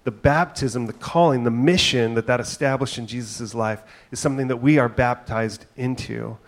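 A man's voice: mid-range voice, moderate pace. A middle-aged man preaching a sermon as pastor, talking in a conversational, storytelling way with asides and frequent "right?".

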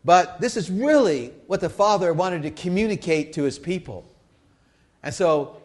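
Male pastor with a fairly high voice, conversational and emphatic, moving between loud stress and soft asides. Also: animated, moderate pace. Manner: conversational teaching, checks in with listeners. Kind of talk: sermon.

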